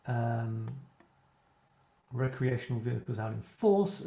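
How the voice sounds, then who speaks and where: Man, writing coach, live-stream chat, warm relaxed tone, rambling, roomy echo. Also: mid-range voice, normal speed. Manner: rambling, musing aloud, reacting to viewers' posts. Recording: echoey room.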